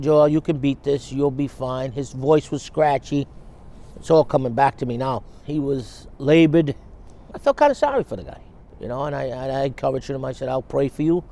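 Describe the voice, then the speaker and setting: Gravelly guy with a mellow voice, halting and reflective, interviewed for a documentary. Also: mid-range voice, a little hiss or hum. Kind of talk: recounting events in an interview.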